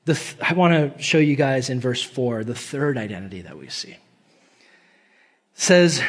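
A man in his thirties giving a casual, conversational sermon. He laughs often and drops to a soft, quiet voice at tender moments. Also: medium pitch, big pitch swings, moderate pace, long pauses. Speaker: pastor.

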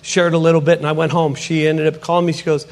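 A middle-aged man with a high-pitched voice tells his faith testimony from the front of a church. He is an animated storyteller who slips into the voices of the people in his story. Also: fast talker. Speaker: potter and ministry speaker. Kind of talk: testimony sermon.

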